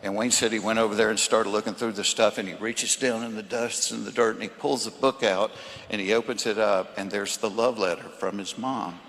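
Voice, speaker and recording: A man's voice: fairly low pitch, fairly even intonation, brisk. Folksy Southern man telling stories in a hall. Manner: folksy storytelling, turning earnest and hushed. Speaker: comedian and speaker. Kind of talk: storytelling faith talk to a live audience. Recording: reverberant hall with faint noise.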